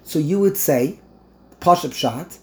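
Animated man teaching a Torah class. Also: a little high, takes it slowly. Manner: mixes Yiddish and Hebrew terms into English, stammering restarts, incredulous outbursts.

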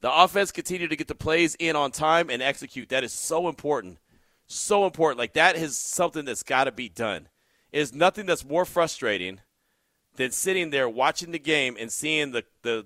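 Bright energetic sports radio host. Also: male voice, on the high side, moderate pace, dry recording. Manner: energetic, animated, shouts when excited. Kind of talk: call-in sports talk radio. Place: radio studio. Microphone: studio mic.

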